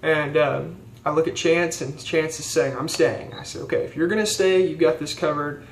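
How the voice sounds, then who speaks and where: In a casual vlog, a young theology student from the rural United States tells a story in an earnest, rambling way, full of fillers and restarts. His voice is a little high and gravelly, fairly even in intonation and at normal speed, recorded in an echoey room with faint background hiss.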